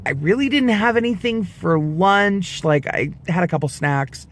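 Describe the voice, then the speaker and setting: This twenty-something man tells a story from his life in a casual vlog, his voice high and his pace a little slow, with slight background noise. He's lively and profane, acting out everyone he quotes.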